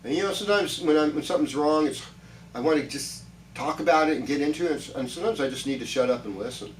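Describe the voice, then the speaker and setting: A man's voice: fairly high pitch, fast talker, echoey room, recorded from a distance, slight background noise, low-quality recording. A man giving a chatty, reassuring weekly horoscope talk, rambling with many restarts. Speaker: astrologer.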